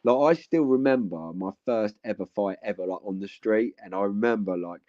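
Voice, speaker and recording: A man's voice: on the low side, normal speed, dark tone, no echo. Rambling young Englishman, dry lo-fi sound. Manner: rambling with many fillers and swearing. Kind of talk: casual podcast chat.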